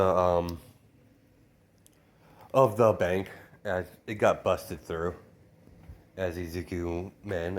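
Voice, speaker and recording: A man improvising a fan story out loud in a rambling way, filling his sentences with hesitations and fillers. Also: low voice. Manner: rambling, full of "you know" fillers.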